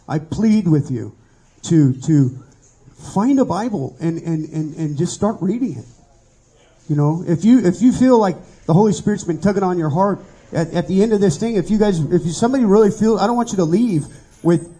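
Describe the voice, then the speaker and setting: Husky high-voiced preacher man, stammering. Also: mellow, poor audio. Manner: stammering repetitions, earnest storytelling. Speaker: pastor. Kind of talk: informal sermon.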